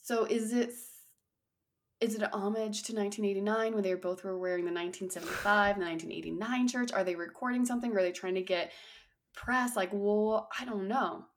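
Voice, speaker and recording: A woman's voice: mid-range voice, fairly quick. A young adult woman co-hosting a podcast, chatting in a rambling way with many fillers. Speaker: podcast co-host. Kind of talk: casual chat.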